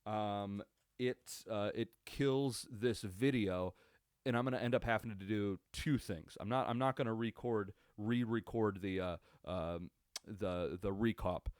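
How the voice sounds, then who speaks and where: A man's voice: on the low side, measured pace, darkish tone, clear, resonant tone, dry recording, studio quality. A young man hosting a casual solo sports podcast, rambling and swearing with lots of fillers and restarts. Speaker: podcast host. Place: home setup at a computer. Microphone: computer webcam recording.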